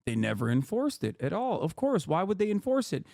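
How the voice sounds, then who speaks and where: A man with a fairly high voice explains politics on a stream, heated and animated. He swears freely and pushes each point hard. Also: fairly quick, vocal fry.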